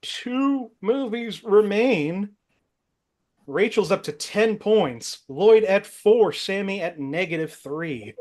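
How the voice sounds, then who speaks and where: Guy with a higher voice running a movie trivia game, reads clues out and laughs a lot. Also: animated, slow, darkish tone. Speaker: game show host. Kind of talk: hosting a movie quiz game.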